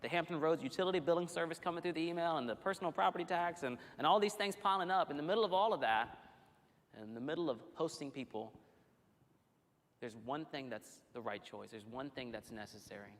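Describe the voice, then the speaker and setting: A male pastor preaching a sermon in a church, telling the story in an animated, conversational way with frequent restarts. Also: a little high, fairly quick. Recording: long hall reverb.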